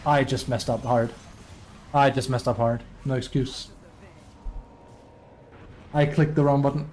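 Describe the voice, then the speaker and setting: A man's voice: mid-range voice, steady tone, normal speed, pauses often, darkish tone, slight background noise. A man streaming a team game and commenting as he plays, often venting about a teammate and sometimes trailing off under his breath. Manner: frustrated, complaining about a teammate. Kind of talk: live gameplay commentary.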